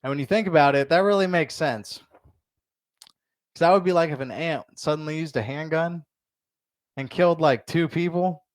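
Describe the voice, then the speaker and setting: A man's voice: fairly high pitch, normal speed, pauses often, no echo. A young man doing a stand-up comedy set in a bar, telling crude stories in a loose, rambling way full of fillers.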